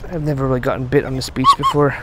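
A man giving casual running commentary while metal detecting on a beach at night, chatting to his finds with excited bursts. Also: mid-range voice, very fast, heavy background noise. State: out of breath.

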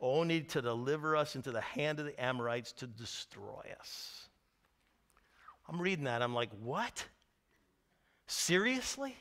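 A man preaching a sermon as pastor, telling the story with animated energy, acting out the screams and cries, then dropping to hushed tones at solemn points. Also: medium pitch, moderate pace, gravelly.

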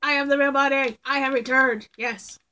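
A woman commenting casually on a game she plays with friends, excitable and quick to yell in reaction. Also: high-pitched, a little hiss or hum. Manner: excitable, yelps and shouts in reactions. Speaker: gamer.

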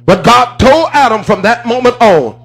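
Male preacher, very high voice, chanting sing-song sermon delivery, faint music underneath. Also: expressive, normal speed, vocal fry, fairly bright tone.

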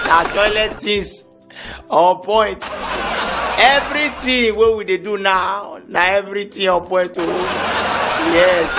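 High-voiced nigerian comedian going off in pidgin, shouts his punchlines, music under it. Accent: Nigerian Pidgin English. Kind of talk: stand-up comedy routine.

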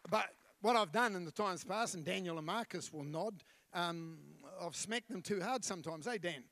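A man's voice: sits high, moderate pace, a bit bright, no echo. A middle-aged man, preaching a blunt, colloquial sermon with asides to the congregation. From New Zealand. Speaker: pastor. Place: church.

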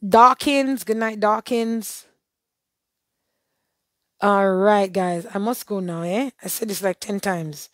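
A hoarse woman hosting a live stream, giving churchy blessings and greeting viewers one by one. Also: medium pitch, slow pace, long pauses, no echo. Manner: warm churchy blessings and shout-outs. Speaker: livestream host.

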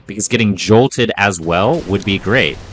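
A man's voice: lowish voice, measured pace, a little hiss or hum. A man giving playful, self-mocking commentary while playing a video game. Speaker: gaming video host. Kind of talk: let's play commentary.

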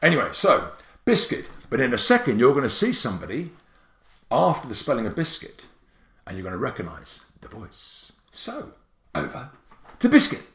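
A man presenting a spelling tutorial for teachers in an excitable, theatrical and jokey way. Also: medium pitch, moderate pace, echoey room. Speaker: app creator and teacher presenter.

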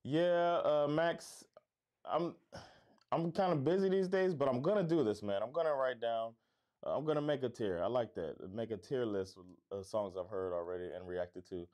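A man's voice: mid-range voice, normal speed, a little mellow. A middle-aged man from Florida with a neutral American accent and a faint Florida lilt, hosting a casual livestream and chatting with viewers in an upbeat, easygoing way. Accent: neutral American, hint of Florida. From Florida, USA. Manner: upbeat, laid-back, says "man" a lot, laughs easily. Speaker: livestream host, comedy club owner. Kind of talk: casual livestream chat reading viewer comments.

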